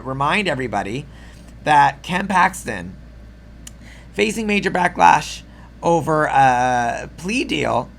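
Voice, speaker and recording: A man ranting through a video commentary with biting sarcasm and plenty of swearing, his voice gravelly and fry-laden. The tone is bright and sharp, and his throat sounds a little rough. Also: fairly high pitch, a little hiss or hum. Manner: sarcastic, profane, exasperated ranting. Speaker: political commentary host.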